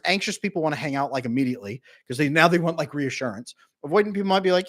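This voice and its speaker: A man who works as a relationship coach gives casual advice and briefly acts out both partners in quick asides. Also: fairly high pitch, animated, a bit bright.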